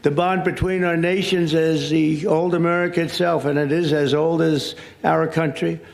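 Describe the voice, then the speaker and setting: A man's voice: a little high, steady tone, normal speed, gravelly. A man giving an off-the-cuff speech at a luncheon, rambling with ad-libs and asides between prepared lines, into a podium microphone. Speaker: speaker at a luncheon. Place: indoor luncheon event.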